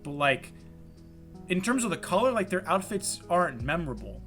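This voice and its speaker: Soft music plays behind a young podcast co-host whose high voice keeps a moderate pace over a remote call mic. His chat is casual and lively, rambling with lots of fillers and plenty of swearing.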